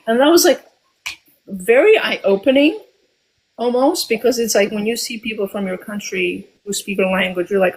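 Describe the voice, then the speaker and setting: A woman in her forties from Albania, telling a personal story as a guest, reflective and often pausing with ums and restarts. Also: medium pitch, a little hiss or hum, poor audio.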